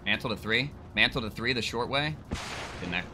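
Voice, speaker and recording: A man giving excited, joking gameplay commentary with crude trash talk and bursts of yelling. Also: mid-range voice, brisk, soft background music. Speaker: gaming video creator.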